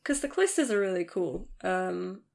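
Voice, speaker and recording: A woman's voice: medium pitch, big pitch swings, normal speed, gravelly, a little mellow. A young woman co-hosting a casual podcast chat, talking loosely with lots of fillers and frequent laughter. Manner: chatty, giggly, lots of fillers. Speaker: podcast co-host.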